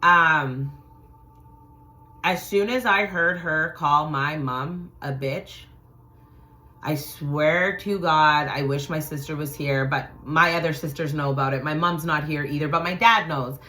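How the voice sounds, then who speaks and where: A woman's voice: sits low, measured pace. Blunt, profane woman telling a story. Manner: blunt and profane, acts out quotes with sudden loud shouts. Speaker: channel host telling a personal story. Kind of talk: casual storytelling to viewers.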